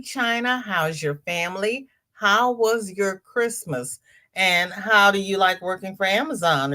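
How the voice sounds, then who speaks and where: A medium-pitched, fairly bright voice at a measured pace belongs to an older woman hosting a crochet livestream. Chatting casually, she reads viewer comments aloud, says hello to each person by name and repeats phrases for emphasis.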